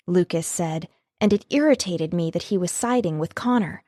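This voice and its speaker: A woman's voice: fairly low pitch, normal speed, warm tone, dry recording, clean studio sound. A woman reading a first-person novel as an audiobook narrator, with an emotive reading style.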